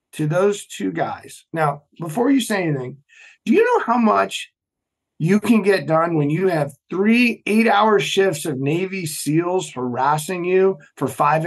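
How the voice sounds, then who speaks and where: Male podcast guest, lively storyteller, voice sits a touch high. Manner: animated storyteller, acts out quoted voices. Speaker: podcast guest, former Navy SEAL. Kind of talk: storytelling interview talk.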